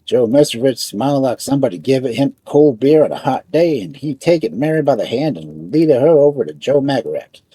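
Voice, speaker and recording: A man narrates a folk tale in broken immigrant English. His voice is husky and lively in pitch, and it is recorded dry and close with no room sound. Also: a little fast, few pauses, dry recording. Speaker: storyteller.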